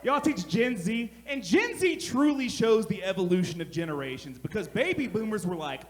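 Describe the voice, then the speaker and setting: High-voiced man doing brash stand-up. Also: normal speed, hardly any pauses. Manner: brash, animated storytelling with shouted punchlines. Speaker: stand-up comedian. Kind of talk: stand-up comedy set. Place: comedy club stage. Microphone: handheld stage mic. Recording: live club recording with crowd noise. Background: audience laughter.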